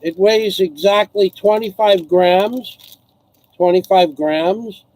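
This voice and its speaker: A man hosting a casual live stream from home, rambling as he reads out viewer names and thanks donors, his voice hoarse from singing. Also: sits high, slow, a little mellow, rough recording. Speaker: livestream host.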